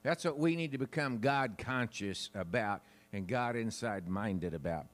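A man's voice: medium pitch, unhurried. A man preaching a sermon into a wireless mic in a church, in a chatty, folksy way and laughing often. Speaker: pastor. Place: church sanctuary. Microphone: wireless handheld mic.

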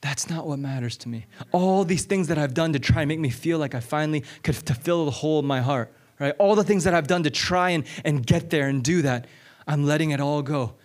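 A man preaching a conversational Bible-teaching sermon, energetic and repeating lines for emphasis, often checking in with "okay?" and "right?". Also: on the high side, fairly quick. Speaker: pastor.

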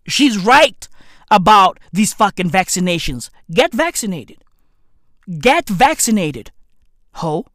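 A man doing a comedic gossip rant, profane and slangy, repeating lines for emphasis and bursting into shouts. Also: very high-pitched, no room sound, clean studio sound. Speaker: commentator.

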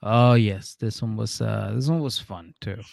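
Gravelly, swearing podcast storyteller man. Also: fairly low pitch, unhurried, darkish tone, dry recording, studio quality. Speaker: podcast host. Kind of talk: casual comedy podcast chat.

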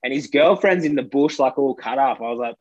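A man's voice: mid-range voice, brisk, no echo, lo-fi sound. A young Australian man telling a rambling anecdote in casual chat, full of fillers. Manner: rambling, filler-heavy, laughs between lines. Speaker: storyteller.

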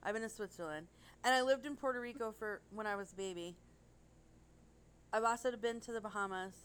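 A woman's voice: mid-range voice, a little fast, fairly bright tone, clean tone. A woman co-hosting a casual podcast chat, rambling and gushing, with casual swearing. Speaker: podcast co-host.

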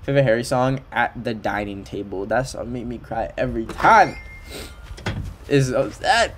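A man's voice: medium pitch, expressive, moderate pace, a little hiss or hum. A young man from Canada chatting casually while playing a video game on a livestream, playful and full of fillers, sometimes singing along in nonsense syllables. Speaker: streamer. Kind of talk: casual livestream gameplay chat. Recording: faint background game music.

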